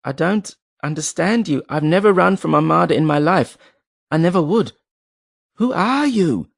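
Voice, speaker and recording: A man's voice: a little high, normal speed, vocal fry, no echo, studio quality, pitched above the performer's own voice. A man reading an audiobook voices a grief-shattered sailor who screams and pleads in a breaking voice. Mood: pleading. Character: grief-shattered man, half mad with shock. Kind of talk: audiobook character voice.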